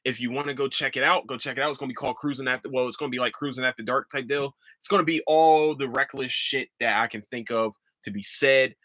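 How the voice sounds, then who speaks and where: A man's voice: medium pitch, fairly even intonation, fast, hardly any pauses, sharp tone, no room sound. A man hosting his own podcast, talking casually and swearing freely as he rants, then laughs it off, his voice starting to give out. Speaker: podcast host. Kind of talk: casual solo podcast monologue.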